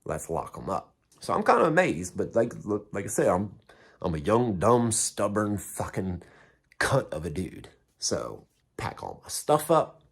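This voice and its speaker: A man's voice: fairly low pitch, wildly swooping pitch, measured pace, vocal fry, husky. A man telling a story in a casual way, blunt and heavily profane, and mocking himself. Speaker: vlogger recounting prison time.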